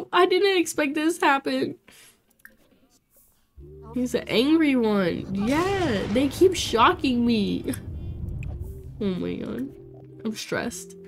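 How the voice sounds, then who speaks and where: A young woman streaming a life-sim game, chatting to her viewers in an excitable way with frequent exclamations and laughs. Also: high-pitched. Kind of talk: casual let's play commentary.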